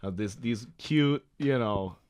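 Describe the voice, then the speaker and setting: A man hosting a podcast in casual chat, loud and laughing, swearing freely. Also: medium pitch, takes it slowly, clear, resonant tone. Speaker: podcast host.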